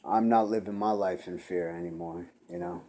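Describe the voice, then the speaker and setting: Deep-voiced man, rambling interviewee, hesitant, faint background hiss. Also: steady tone, normal speed, warm tone. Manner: rambling, hesitant, many fillers. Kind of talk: casual conversation.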